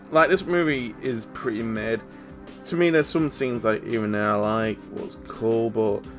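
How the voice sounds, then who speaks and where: A man ranting casually about horror movies, stammering and swearing, exasperated. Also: medium pitch.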